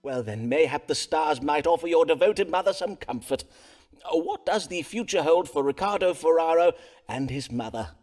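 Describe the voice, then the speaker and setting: An actor playing a proud, suspicious Elizabethan astrologer-doctor in a game, speaking in formal archaic English. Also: male voice, a little high, lively intonation, moderate pace, darkish tone, faint music behind, natural voice. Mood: calm. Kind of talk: game voice acting.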